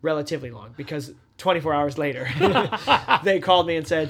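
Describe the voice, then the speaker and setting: A man's voice: a little high, lively intonation, a little fast, fairly bright tone. A man in his thirties, a stage actor as interview guest, chatting casually and animatedly, full of "like" and acted-out quotes. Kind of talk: casual conversational storytelling.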